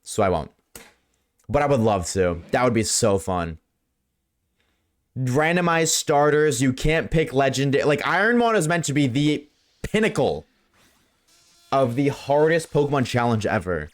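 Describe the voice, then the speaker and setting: Male game streamer at a desk mic, mid-range voice, casual and profane, bouncing between high and low registers while talking to chat. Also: very animated, a little slow, long pauses. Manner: loose and profane, chatting with viewers, jumps between high and low voice. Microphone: desk microphone.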